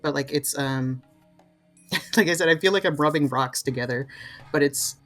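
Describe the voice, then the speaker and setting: Chatty podcast cohost, trails off a lot, lots of um and like, mid pitch voice, faint music behind. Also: fairly bright tone. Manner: thoughtful, rambling, halting with many fillers. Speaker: podcast co-host. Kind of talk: casual discussion chat.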